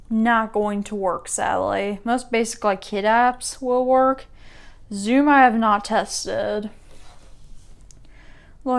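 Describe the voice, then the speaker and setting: Smooth-voiced woman, rambling tech walkthrough. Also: medium pitch. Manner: rambling, self-correcting, restarts sentences often. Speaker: tech YouTuber.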